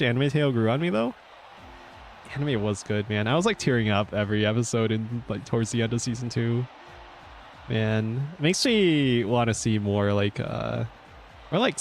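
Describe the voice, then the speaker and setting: A man's voice: fairly low pitch, a little hiss or hum. A male VTuber chatting casually while streaming a game, rambling with lots of fillers and easy laughs. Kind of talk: casual gaming stream chat.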